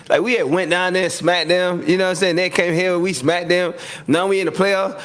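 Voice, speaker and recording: A man, a guest telling a lively sports story in casual chat, laughing often and acting out what people said. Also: high-pitched, moderate pace, hardly any pauses. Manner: animated, acts out quotes, laughs often. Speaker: guest, former NFL receiver.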